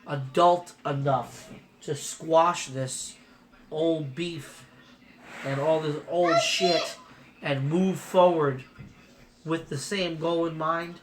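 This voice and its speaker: A man's voice: on the high side, steady tone, slow. Male vlogger, 30s, rambling and heartfelt, phone mic, light background noise. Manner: rambling, emotional, repeats "you know". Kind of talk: casual vlog. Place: at a trade show. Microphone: phone camera.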